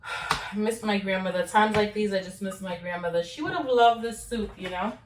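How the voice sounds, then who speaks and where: A woman's voice: medium pitch, normal speed, noisy background. A young woman talks casually as she cooks, rambling along with little fillers and restarts. Her voice sits in the middle of the range. It comes from a few steps away from the mic in a roomy, echoey kitchen. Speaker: cooking vlogger. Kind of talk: casual cooking chat. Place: home kitchen. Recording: roomy sound from a distance.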